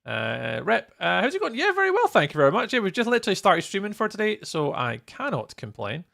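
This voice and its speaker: A man's voice: high voice, wildly swooping pitch, fairly quick, creaky, sharp tone. A Scottish man chatting casually with viewers on a live stream while he builds in a game, greeting people by name and laughing often. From Scotland.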